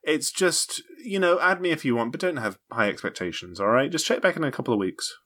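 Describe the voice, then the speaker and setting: A man co-hosts a podcast in casual banter. He teases and ribs his friends with dry sarcasm. His pitch swings all over the place as he talks. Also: animated, brisk, bright, forceful tone. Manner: teasing, sarcastic. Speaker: podcast co-host.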